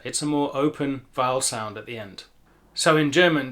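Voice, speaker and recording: A man's voice: mid-range voice, lively intonation, normal speed, bright, forceful tone. A British man with a British English accent giving a pronunciation lesson, carefully repeating words to demonstrate each sound. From Britain. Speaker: language teacher.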